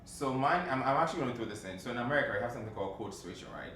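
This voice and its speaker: A man hosts a casual panel chat, fast-talking and animated, throwing in jokes and curse words. His pitch jumps around a lot. He is picked up from a distance in a very echoey room with faint background noise. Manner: animated, joking, swears freely. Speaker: host.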